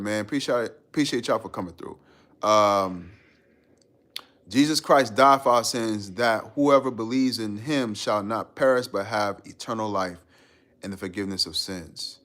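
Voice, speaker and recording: A man hosting a casual live stream, reading out viewer comments and riffing on them in a relaxed, slangy way and laughing often. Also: lowish voice, normal speed.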